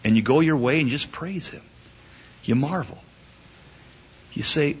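A man preaching a sermon emphatically, asking rhetorical questions and swinging his pitch up and down. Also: a little slow, long pauses, husky. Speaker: pastor. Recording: dull lo-fi recording.

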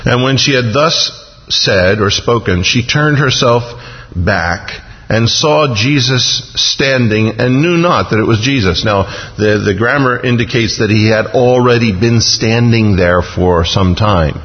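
A man's voice: medium pitch, a little slow. A man preaching a sermon, dramatically acting out biblical scenes with touches of humor. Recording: dull lo-fi recording with long reverb.

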